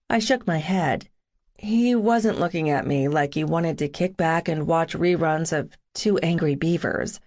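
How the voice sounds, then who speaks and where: A woman's voice: on the low side, darkish tone. A woman reads a first-person audiobook aloud. Her narration is dry and wry, with a self-deprecating edge.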